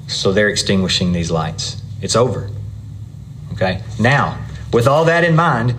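A man's voice: lowish voice, sing-song, measured pace, fairly bright tone, a little hiss or hum. A man teaching a Bible class in a conversational style. He often asks the class questions and checks in with them.

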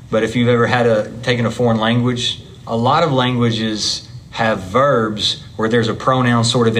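A man's voice: mid-range voice, a bit bright. A man leads a Bible lesson in a church classroom, talking to his class in an easy, conversational way. His voice sits in a middle range, and there is a faint hum of room ambience behind him. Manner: conversational, explains step by step, chatty with the class.

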